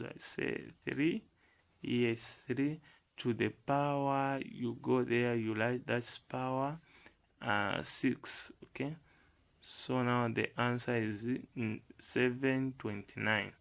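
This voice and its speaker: Slow, gravelly man teaching math. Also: medium pitch, fairly bright tone, poor audio. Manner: slow, repeats numbers aloud, asks the class rhetorical questions. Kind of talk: step-by-step lesson.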